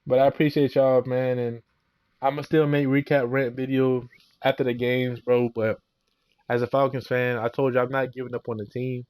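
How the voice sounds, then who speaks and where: A man's voice: mid-range voice, level tone, moderate pace, darkish tone, clean tone. A young man ranting heatedly as a fan vlogger, slangy and repetitive. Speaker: sports vlogger. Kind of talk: casual fan rant.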